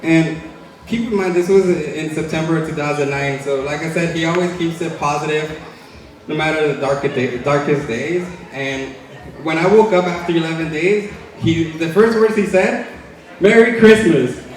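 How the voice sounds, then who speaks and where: A man's voice: on the high side, moderate pace. A young man in his twenties giving a chatty, joking wedding toast for his twin brother, laughing between lines. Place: large hotel banquet hall. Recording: very echoey banquet hall, distant mic.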